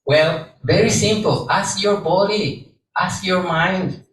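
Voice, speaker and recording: A man, a Buddhist monk, giving a gentle sermon to a live audience and repeating phrases for emphasis. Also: high-pitched, takes it slowly. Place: large echoey hall with audience. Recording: roomy hall, distant mic, faint background hum.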